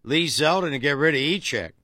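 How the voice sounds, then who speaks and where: Brief: male talk-radio host, bright lively voice, short casual replies. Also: on the high side, fairly quick.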